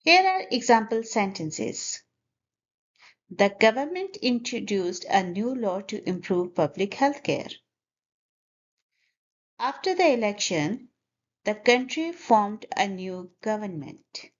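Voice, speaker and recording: A woman's voice: mid-range voice, lively intonation, slow, long pauses, dull audio. A woman teaching English pronunciation, carefully over-articulating words and repeating them for learners to copy. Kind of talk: slow, deliberate pronunciation lesson.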